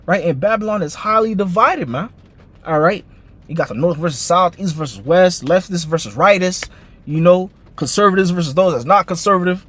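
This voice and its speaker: A man with a fairly high voice preaching in a loose, conversational way. He tacks "man" and "all right" onto almost every phrase and stumbles through repeated words as he talks. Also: brisk, a bit bright. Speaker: online commentator and preacher. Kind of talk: casual scripture-based commentary.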